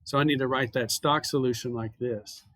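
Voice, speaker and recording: The dry recording captures a man with a medium, slightly bright voice and fairly even intonation, speaking at normal speed. He's a chemistry instructor giving a university lecture, conversationally walking students through calculations step by step.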